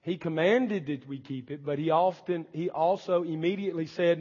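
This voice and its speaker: A man's voice: on the high side, moderate pace, few pauses, a little mellow, long reverb tail, highs cut off. A man preaching a sermon as pastor, with impassioned delivery and pleading prayers acted out. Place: church sanctuary.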